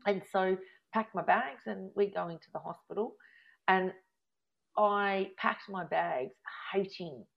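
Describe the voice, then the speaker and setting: A woman, chatting casually as she tells a long personal story, rambling and growing animated when she recounts arguments. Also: mid-range voice, unhurried, gravelly. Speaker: guest telling a life story. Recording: dull lo-fi recording.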